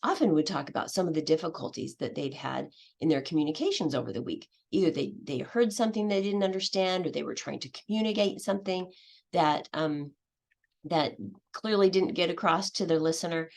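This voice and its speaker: A middle-aged woman teacher gives a conference talk, her low voice carrying a gravelly edge of vocal fry. She talks hesitantly, filling pauses with ums and starting phrases over. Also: lively intonation, darkish tone. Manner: hesitant, many fillers and restarts. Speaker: English language teacher. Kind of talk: conference presentation.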